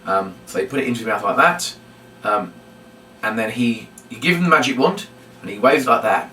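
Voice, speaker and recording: A man's voice: mid-range voice, normal speed, sharp tone, a little hiss or hum. A man teaching a puppet routine, chatty and explanatory, often repeating his reminders. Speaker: puppetry instructor. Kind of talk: demonstration tutorial. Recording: roomy, from a distance.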